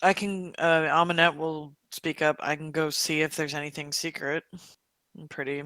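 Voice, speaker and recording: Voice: medium pitch, level tone, normal speed, bright, forceful tone, no echo. A tabletop game player describing their character's actions in a chatty way, laughing often. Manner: chatty, laughing, many fillers. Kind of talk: casual tabletop play.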